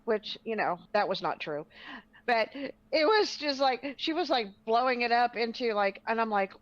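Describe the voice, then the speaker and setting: A woman's voice: fairly high pitch, moderate pace, dry recording, lo-fi sound. A woman telling a story in casual chat, acting out what people said with lots of fillers. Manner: animated, acts out quotes, many fillers. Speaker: co-host.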